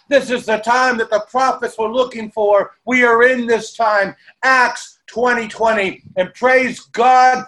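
A man's voice: high voice, a bit bright. A man preaching a sermon to his congregation, fervent, with repeated calls of praise and joking asides. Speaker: pastor.

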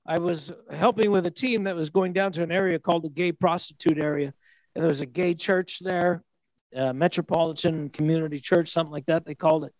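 High-voiced preacher man in his sixties. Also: no echo, low-quality recording. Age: 60s. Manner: storytelling with laughs and repeated restarts. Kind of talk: sermon.

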